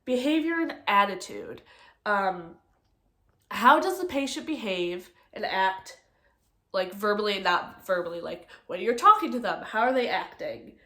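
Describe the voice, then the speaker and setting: Young woman talking slowly in an echoey room. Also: medium pitch, expressive, fairly bright tone. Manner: halting, many ums and likes, self-correcting. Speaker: nursing student presenter. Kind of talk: casual study walkthrough from notes.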